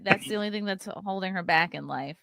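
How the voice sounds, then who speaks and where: A woman's voice: mid-range voice, fast, gravelly. A woman hosting a podcast in casual chat, joking and teasing with a laugh. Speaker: podcast host. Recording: loud background noise.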